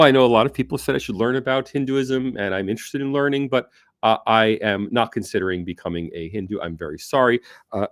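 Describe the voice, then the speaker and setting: A man's voice: medium pitch, no room sound, studio quality. A man hosting a casual livestream from a desk, joking and self-mocking with frequent chuckles as he reads comments and answers questions. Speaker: livestream host.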